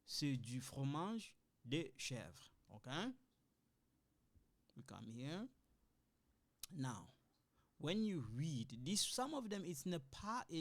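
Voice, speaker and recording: A man teaching a French grammar lesson, patiently repeating examples and checking in with "okay?", switching between English, French and another language. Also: fairly high pitch.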